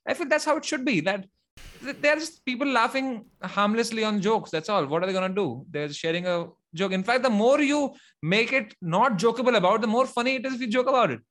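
Young man from India, host; high, lively voice, loose and profane, laughs easily. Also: brisk. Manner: animated, swears casually, laughs often. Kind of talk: casual chat.

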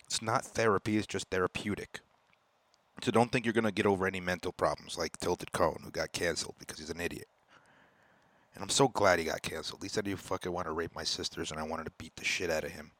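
Deep-voiced, profane podcast ranter. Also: male voice, fairly even intonation, quick pace, no room sound. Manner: profane, blunt, swings between loud outbursts and low mutters. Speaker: podcast host. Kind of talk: casual ranting monologue.

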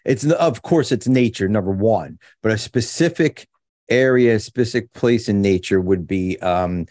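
A man's voice: fairly low pitch, normal speed, darkish tone, no echo, clean studio sound. A man hosting a casual podcast chat, joking and laughing often. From New Jersey. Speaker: podcast host.

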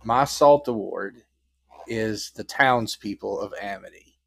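A man with a fairly low voice co-hosts a film podcast, talking in a loose, rambling way. He recorded close and dry, with no room sound. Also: slow, vocal fry, a bit bright, no echo. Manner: rambling, acts out lines in silly voices. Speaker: podcast co-host. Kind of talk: casual film review chat.

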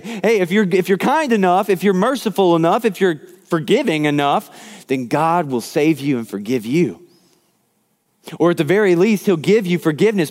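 A man delivers a sermon, retelling a story with lively swings in his voice. His pitch sits a little high for a man, and he voices the quoted lines with dramatic emphasis. A long reverb trails behind him, as in a large church hall. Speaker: pastor.

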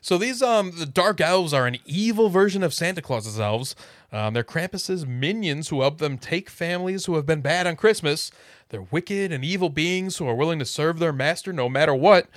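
A man's voice: fairly high pitch, animated, moderate pace, no room sound, studio quality. A man chatting casually, rambling through a story with lots of fillers. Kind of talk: casual chat.

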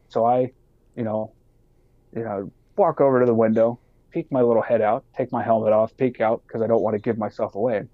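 Swearing freely, a man who is an army sergeant and podcast guest spins a casual, animated story and mimics the voices of the people he quotes. He speaks at medium pitch and a moderate pace, sounding phone-quality with no echo.

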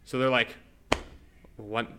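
Taking his time at medium pitch and in a level tone, this podcast co-host speaks over a noisy background. He tells eerie stories in a loose, rambling storytelling chat, laughing readily.

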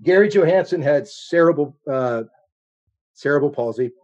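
A man's voice: on the high side, expressive, moderate pace, darkish tone, dull audio. A middle-aged man preaching a sermon as a guest speaker, telling a personal story earnestly and with shifting intensity. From United States.

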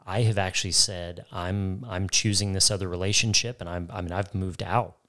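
Man, very low voice, earnest co-host sharing testimony, emphatic repetition. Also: fairly even intonation, moderate pace, a bit bright. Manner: earnest, emphatic, repeats phrases for weight. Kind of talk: faith talk, personal testimony.

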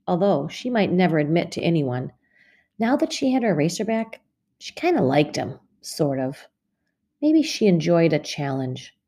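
A woman teacher reading a storybook aloud to a class of second graders, with clear, expressive pacing. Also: sits low.

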